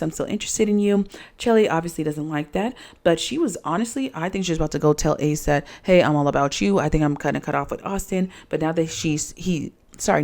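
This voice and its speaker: A woman's voice: low-pitched, vocal fry, a little mellow. Chatty woman doing a sassy reality recap. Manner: chatty, sassy asides, many fillers. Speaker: reality show recap host. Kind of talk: casual show recap.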